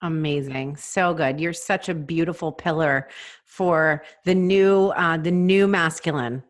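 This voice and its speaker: A woman's voice: low-pitched, steady tone, unhurried. A woman hosting a podcast, enthusiastic and affirming in casual conversation. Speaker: podcast host.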